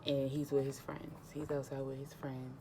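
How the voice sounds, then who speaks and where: A young woman vlogger casually retelling a personal story, animated and emotional, acting out the dialogue. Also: very deep voice, normal speed, creaky, background noise.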